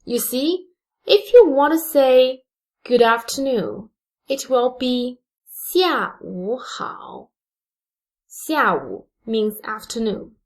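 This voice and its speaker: A woman teaching a beginner lesson, speaking slowly and deliberately and drawing out example words. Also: a little high, animated, a little mellow. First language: Mandarin Chinese. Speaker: Chinese language teacher. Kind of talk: slow, careful language lesson.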